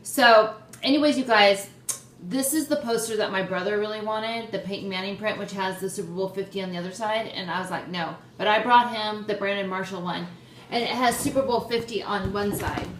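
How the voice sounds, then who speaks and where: A young woman hosting her own vlog, chatting excitedly and poking fun at herself. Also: medium pitch, fairly quick. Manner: excitable, chatty, self-deprecating. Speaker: host. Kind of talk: casual vlog chat. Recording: roomy echo, faint background noise.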